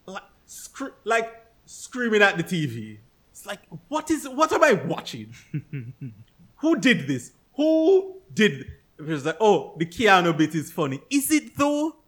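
A man in casual conversation, tearing into a movie with exasperated energy. His fairly high voice swings widely in pitch, and he throws in curses and mock-quotes of his own reactions. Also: slow. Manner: animated, exasperated, swearing, acts out reactions. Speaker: podcast co-host. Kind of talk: casual chat, movie review rant.

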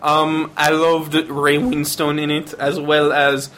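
Laughing, emphatic film podcast host. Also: male voice, on the high side, monotone, slow pace, a bit bright, a little hiss or hum. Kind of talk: casual film review chat.

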